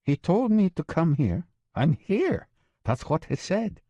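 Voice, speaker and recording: A man voicing an excitable, erratic woman courier in an audiobook, insistent and flustered. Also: a little high, a little slow, no echo, dull audio, voice pushed up, full character voice. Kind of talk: audiobook character voice.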